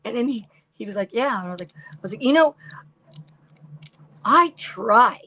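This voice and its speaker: A woman's voice: on the high side, animated, normal speed, pauses often, pushed and bright, poor audio. An older woman chatting casually while crafting on a livestream at home, rambling and greeting viewers by name.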